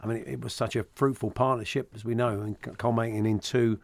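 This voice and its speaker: A man's voice: medium pitch, steady tone, fast, creaky. A man hosting a sports talk radio show, chatting casually with frequent fillers into a studio microphone.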